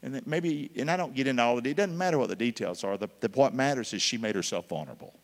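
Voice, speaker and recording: A man preaching to his congregation in a large sanctuary, his voice carrying a long reverb off the walls. He keeps calling for answers from the room and swings between loud, punchy lines and near-whispers. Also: mid-range voice, very fast. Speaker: pastor. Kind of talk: sermon.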